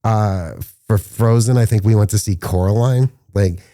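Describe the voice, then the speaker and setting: Low dark-toned guy on a podcast, tells set stories, does the voices, dry sound. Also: normal speed, dry recording. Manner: animated storyteller, acts out quotes with rising pitch. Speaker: filmmaker guest. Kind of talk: casual podcast interview storytelling.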